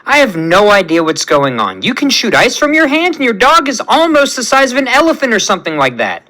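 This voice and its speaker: A man's voice: extremely high pitch, huge pitch swings, brisk, pushed and bright, pitched above the performer's own voice, full character voice. A man reading a fan story aloud, voicing a cocky, lonely young man in a chatty, pleading way. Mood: excited.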